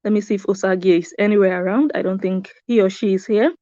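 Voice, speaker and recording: A woman's voice: mid-range voice, steady tone, fast, dark tone, dry recording, muffled recording. A woman hosting a live stream from a room upstairs at home, chatting casually and greeting her viewers by name. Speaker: YouTube host.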